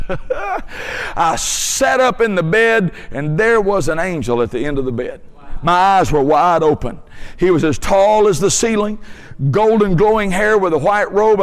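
A man's voice: high-pitched, long reverb tail. A man preaching a testimony sermon with fervent, emphatic storytelling.

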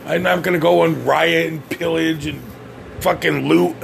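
A man's voice: on the high side, steady tone, unhurried, creaky, a little hiss or hum. A blunt, profane man ranting on his podcast, often stammering and restarting. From United States. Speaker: podcast host. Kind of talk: opinionated podcast rant.

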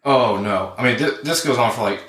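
A man's voice: medium pitch, brisk. A young man in his twenties, a podcast co-host and hunting guide, telling a story casually with lots of profanity and acted-out dialogue. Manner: profane, animated storyteller acting out both sides. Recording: roomy, distant mic with faint noise.

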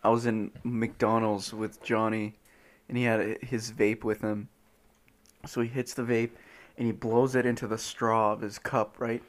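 A man's voice: on the low side, little pitch movement, a little slow. A young man co-hosting a podcast, telling funny stories in casual chat and laughing often. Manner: laughing storyteller, says dude a lot. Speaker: podcast co-host.

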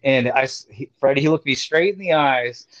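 A man's voice: mid-range voice, moderate pace, no echo. A man casually telling a story, swearing freely and acting out what people said. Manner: profane, animated storyteller acting out quotes. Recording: dull, dry lo-fi sound.

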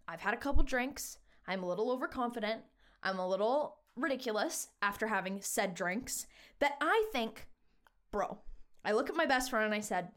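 A young woman hosting a podcast, telling a story in an animated, self-mocking, slangy way. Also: a little high. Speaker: podcast host. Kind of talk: casual storytime.

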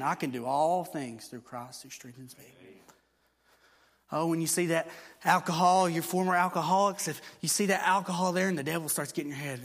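A man preaching a sermon in a church, swinging between loud proclamations of scripture and low, mocking asides. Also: brisk.

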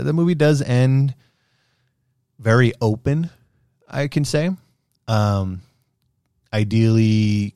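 A young man casually reviewing a movie, rambling and animated, with fillers and swearing. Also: deep voice, vocal fry, dry recording, studio quality.

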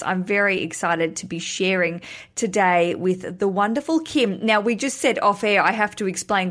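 A woman's voice: mid-range voice, a bit bright. A woman hosting a wedding-planning podcast, chatting playfully and laughing easily with her guest. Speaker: podcast host. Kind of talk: casual interview chat.

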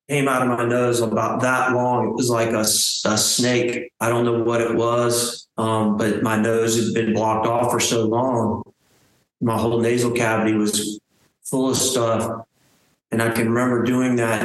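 A man telling his survival story as an interview guest, halting and restarting his phrases. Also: mid-range voice. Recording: very echoey room.

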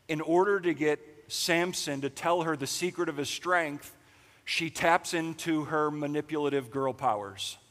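Young male pastor, high voice, casual jokey sermon, long church-hall reverb. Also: fairly bright tone. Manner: casual, jokey, heavy use of "like". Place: church sanctuary.

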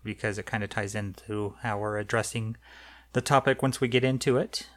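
A man co-hosting a podcast in relaxed casual chat, steering the talk into each topic. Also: fairly low pitch, moderate pace. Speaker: podcast co-host.

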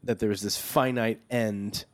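A man's voice: fairly low pitch, fairly even intonation, unhurried, no room sound. A man co-hosting a podcast, speaking in a reflective, hesitant way with many restarts. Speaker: podcast co-host. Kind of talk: casual chat.

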